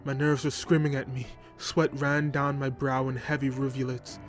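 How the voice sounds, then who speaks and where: Flat-voiced man narrating horror. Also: medium pitch, moderate pace. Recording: music bed under voice.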